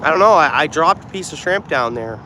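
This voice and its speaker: A man's voice: a little high, animated, a little fast, pushed and bright. Chatty man streaming outdoors. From Canada. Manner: chatty, greets viewers, thinks aloud. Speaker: fishing streamer. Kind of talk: live-stream chat while fishing. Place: outdoors by the water. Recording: clear outdoor background noise.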